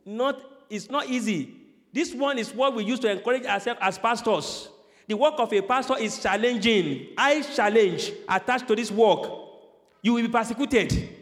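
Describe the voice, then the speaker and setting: A male pastor preaches with fervor, his voice sitting very high and often rising to a shout. The sound rings with a long reverb, as in a church hall. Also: normal speed. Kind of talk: sermon with prayer.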